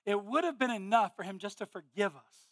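A man preaching a sermon, moving between earnest teaching and animated, exclamatory storytelling with sudden loud bursts. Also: high voice, a little fast, dry recording, studio quality. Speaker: pastor.

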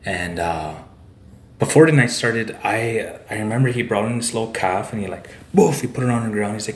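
A man's voice: medium pitch, fairly quick. A man from Saskatchewan, telling a story as a podcast guest in a loose, rambling way and tagging his sentences with "eh" and "like". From Saskatchewan, Canada. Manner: rambling, tag "eh" and "like" fillers. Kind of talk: casual storytelling. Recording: roomy echo.

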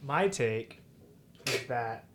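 A young man co-hosting a podcast in a laid-back way, using slang and quick to question the others. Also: medium pitch, animated, background noise. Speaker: podcast co-host. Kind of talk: casual banter.

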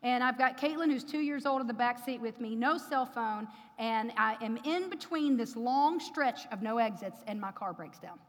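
A woman's voice: high voice, fairly bright tone. A middle-aged woman preaching in church, telling a personal story with emotion and speaking directly to the congregation. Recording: reverberant hall.

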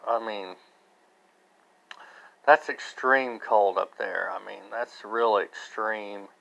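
Slow, rambling American man on a podcast. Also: mid-range voice, a bit bright, clean tone, dull audio. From United States. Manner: rambling, unhurried, with many fillers and restarts. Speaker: podcast host. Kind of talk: casual solo monologue.

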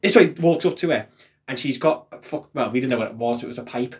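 A man co-hosting a podcast, telling a long sweary story in a deadpan way before revealing the joke. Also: mid-range voice, fast. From England. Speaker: podcast co-host. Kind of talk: casual chat, storytelling.

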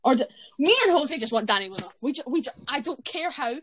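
A woman's voice: high voice, expressive, fast, fairly bright tone, slight background noise. A woman co-hosting a casual podcast chat, opinionated and rambling, often correcting herself mid-sentence. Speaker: podcast co-host. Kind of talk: casual wrestling review chat.

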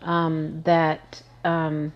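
Animated, swearing woman podcast guest. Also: deep voice, extremely slow, muffled recording. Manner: animated, profane, laughs while telling stories. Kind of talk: casual chat, storytelling.

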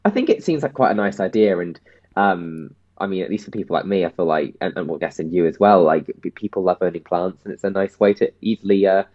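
A man's voice: low voice, fast talker, a little mellow, no room sound. A man co-hosting a casual podcast, rambling and hesitant with lots of ums, laughing often. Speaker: podcast co-host. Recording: dull, dry lo-fi sound.

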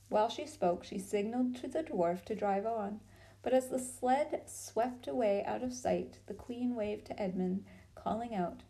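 A woman narrating a storybook aloud in a calm, measured way. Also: medium pitch, poor audio.

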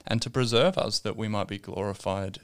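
A man's voice: fairly low pitch, a little fast, smooth. A man co-hosting a podcast, reflecting on faith in casual discussion with frequent fillers. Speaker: podcast co-host.

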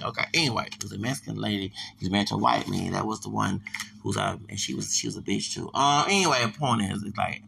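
A man's voice: on the low side, gravelly, bright, forceful tone, slight background noise. A man, talking in a digressive, repetitive podcast monologue full of stumbling restarts.

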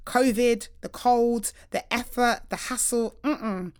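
A young woman from hosting a podcast and chatting casually, telling lively stories and acting out voices with laughter. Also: fairly high pitch, takes it slowly, clean tone. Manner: animated storytelling, acts out voices with laughter. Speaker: podcast host. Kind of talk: casual chat.

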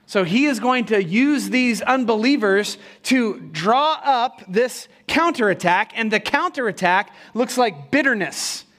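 Male pastor, high-pitched, punchy animated sermon delivery with rhetorical questions. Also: a little slow, hardly any pauses. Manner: animated preaching with rhetorical questions and mock quotes.

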